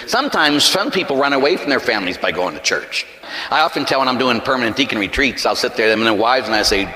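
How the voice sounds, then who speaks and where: A pastor preaching a sermon in a large church, telling a story and acting out the voices in it. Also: male voice, medium pitch, lively intonation, quick pace, pushed and bright. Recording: echoey church hall.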